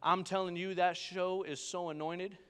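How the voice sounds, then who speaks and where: A young male pastor with a fairly high voice for a man preaches a sermon at normal speed in a clean tone. His delivery is animated storytelling, frequently asking listeners for an amen, with a long reverb from a large church hall.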